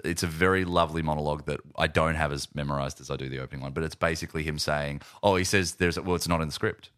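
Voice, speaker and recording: A man's voice: extremely low pitch, fairly even intonation, very fast, a bit bright, clean tone, no room sound, clean studio sound. A man co-hosting a casual film podcast, talking at length and with enthusiasm. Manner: enthusiastic, monologues at length, reads script aloud. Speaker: podcast co-host.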